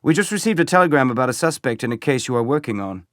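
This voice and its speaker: A man's voice: medium pitch, lively intonation, quick pace, no echo, studio quality, pitched above the performer's own voice, natural voice. A man voicing an eager, respectful police detective in an audiobook. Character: polite male police detective, former protege.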